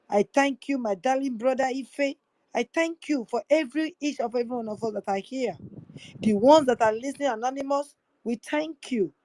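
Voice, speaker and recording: Woman host, exhorting and repetitive, slightly high voice, slow delivery. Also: a little mellow, no room sound, poor audio. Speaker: host of an online audio space. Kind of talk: impassioned appeal to listeners.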